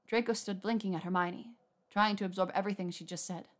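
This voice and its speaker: A woman's voice: mid-range voice, fairly even intonation, quick pace. Woman reading a story aloud. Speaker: narrator.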